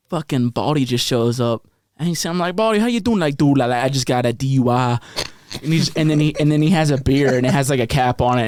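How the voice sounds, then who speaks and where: A man's voice: on the high side, a little mellow, no room sound. A man hosting a podcast in a laid-back, swear-heavy way with a light Louisiana accent, laughing often. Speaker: podcast host. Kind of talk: casual chat.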